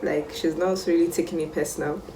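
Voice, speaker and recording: Animated Nigerian woman, roomy distant sound. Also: lowish voice, a little fast, a little hiss or hum. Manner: animated, exclamatory storytelling. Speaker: vlogger. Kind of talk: casual storytime chat. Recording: roomy sound, mic set back.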